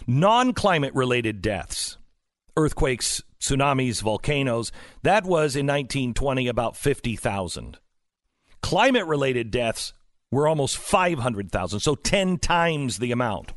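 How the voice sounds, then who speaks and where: A man's voice: medium pitch, sing-song, unhurried, no echo, studio quality. A male talk show host delivering an opinionated political monologue, emphatic and sarcastic, full of rhetorical questions.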